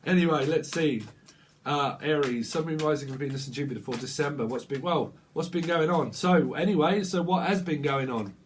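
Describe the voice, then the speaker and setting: A man's voice: on the high side, normal speed, a little hiss or hum. A man giving a casual, improvised tarot reading. He rambles playfully, chuckling and riffing on wordplay. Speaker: tarot reader.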